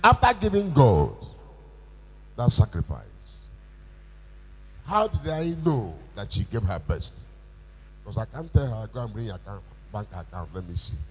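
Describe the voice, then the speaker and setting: Preaching man, slow and animated. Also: fairly low pitch, slightly rough, soft background music, poor audio. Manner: call-and-response preaching, rising to shouts. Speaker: pastor. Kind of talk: sermon. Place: church.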